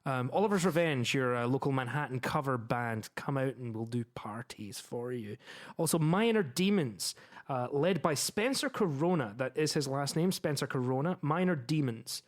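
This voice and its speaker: A man with a mid-range voice co-hosts a casual podcast. He laughs often and spells things out slowly and carefully. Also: mid-range voice, animated. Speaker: podcast co-host, musician. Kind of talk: casual chat.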